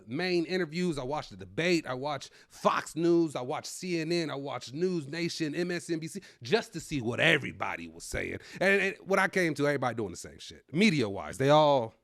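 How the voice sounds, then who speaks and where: A man in his thirties, a comedian hosting his own show, ranting loudly to camera at home into his own microphone. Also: on the high side, dry recording, clean studio sound. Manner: animated, loud and ranting. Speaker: comedian host.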